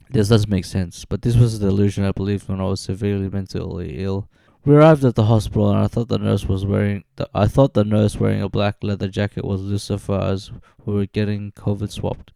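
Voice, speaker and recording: A man in his twenties reading a scripted account of his own life, giving dates and events in a steady, plain way. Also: fairly low pitch, vocal fry, no echo. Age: 20s. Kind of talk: scripted personal narration.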